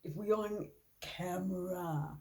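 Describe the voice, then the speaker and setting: Woman doing a loud, teasing male entertainer, low-pitched, sing-song mockery, improv comedy. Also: slow pace, a little hiss or hum. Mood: outraged.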